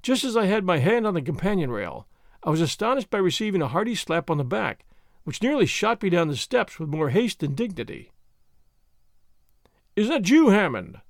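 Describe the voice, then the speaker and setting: A man reading a first-person story aloud in an expressive, measured storytelling manner. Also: high voice, vocal fry, no room sound, studio quality. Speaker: audiobook narrator.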